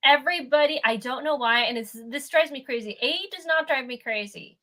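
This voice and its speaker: A woman from Canada, a guest in a casual chat, animated and laughing, with hesitant starts. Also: high-pitched, brisk.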